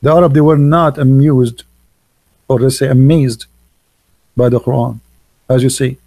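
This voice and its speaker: A man hosts a live stream and preaches with emphatic scorn, repeating his points in non-native English phrasing. His voice is gravelly and dark. The sound is close and dry. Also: medium pitch, steady tone, moderate pace, no room sound. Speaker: livestream host.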